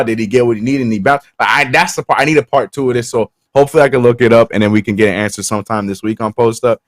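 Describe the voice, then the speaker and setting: A man's voice: medium pitch, no echo, clean studio sound. Laid-back man co-hosting sports talk. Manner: laid-back, laughs often, trails off and restarts. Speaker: sports show co-host.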